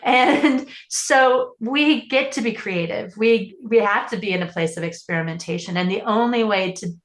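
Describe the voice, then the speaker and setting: A woman's voice: medium pitch, moderate pace, echoey room. A woman parenting coach answering interview questions in an earnest, explanatory way, often restarting her sentences.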